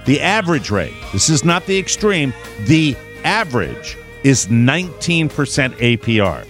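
A man's voice: mid-range voice, sing-song, moderate pace, fairly bright tone, soft background music. A man hosting a talk radio show, bantering jokingly with his co-host and reading ads in a wry, self-deprecating manner. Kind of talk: casual talk radio banter and live ad read.

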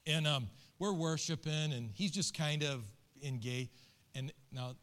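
A man's voice: on the high side, measured pace, fairly bright tone. A middle-aged man, a pastor, telling a story in an earnest, emotional and colloquial sermon.

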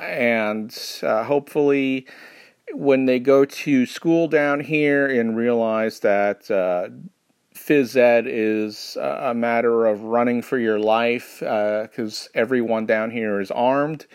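A man from New York hosting a podcast, delivering a rambling comedic monologue with a sardonic edge, halting often with fillers. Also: medium pitch, clean tone, no echo, studio quality. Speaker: podcast host.

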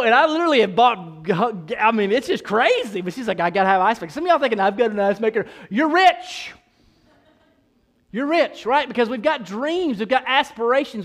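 A male pastor delivering a lively sermon in a fairly high voice. He jokes loudly with the congregation, then drops to a hushed, slower tone when he reads scripture. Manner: animated, swings between loud punchy asides and soft quoted passages.

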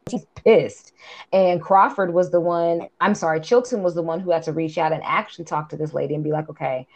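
A woman co-hosting a movie review podcast, retelling scenes in casual, profane, animated chat. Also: on the low side, a little fast, poor audio. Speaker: podcast co-host.

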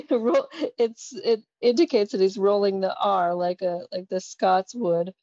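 A woman's voice: mid-range voice, slow, dark tone, dry recording, dull audio. A woman co-hosting a casual chat, amused as she retells and reads out comic dialogue. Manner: amused, laughs often. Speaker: podcast co-host.

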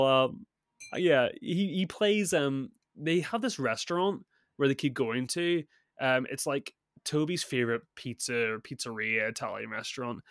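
A man's voice: medium pitch, a bit bright, no echo, clean studio sound. A man co-hosting a podcast, chatting casually about a film with frequent laughs and restarts, a bit sick. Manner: rambling, laughs often, many restarts. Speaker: podcast co-host. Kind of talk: casual film review chat.

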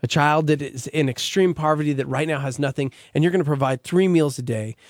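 A man's voice: a little fast, no echo, clean studio sound. Earnest man host making an appeal. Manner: earnest, urgent pitch. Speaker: radio host. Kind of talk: morning show fundraising appeal.

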